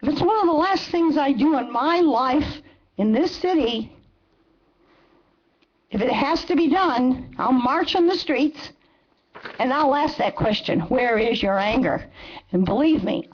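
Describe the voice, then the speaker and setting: An older woman in her seventies gives a fiery, emphatic public comment to a city council. Her voice sits high, and the meeting recording sounds dull and lo-fi. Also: lively intonation, moderate pace. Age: 70s. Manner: angry, impassioned, emphatic. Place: council chamber.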